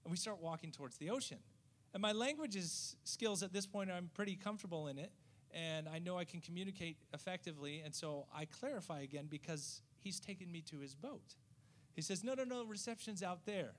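A man, a missionary, telling a story in a lively way and acting out the voices of the people in it. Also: a little high, brisk. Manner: lively, acts out quoted voices. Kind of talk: storytelling testimony.

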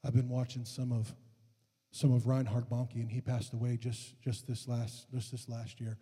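Husky impassioned preacher man. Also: mid-range voice, flat delivery, moderate pace, big-room sound. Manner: impassioned, rising to shouted fervor. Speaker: pastor. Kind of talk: sermon and prayer for healing. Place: church sanctuary.

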